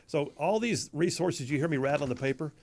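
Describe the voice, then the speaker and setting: A man hosting a conservative talk radio show in a studio, mocking and animated, stretching words for emphasis. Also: a little high, brisk. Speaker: radio host. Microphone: studio mic.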